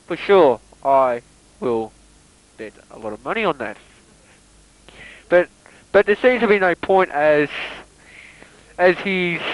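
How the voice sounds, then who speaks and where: A man improvising comedic sports commentary over a video game, rambling with stammered restarts and deadpan absurd asides. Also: a little high, dry recording, dull audio.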